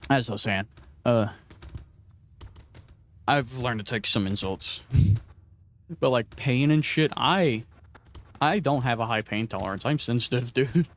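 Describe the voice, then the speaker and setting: A man's voice: medium pitch, expressive, a little slow, pauses often. Rambling, crude young man gamer. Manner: rambling, crude, self-deprecating, with frequent restarts. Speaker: gaming vlogger. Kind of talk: casual rambling commentary while playing.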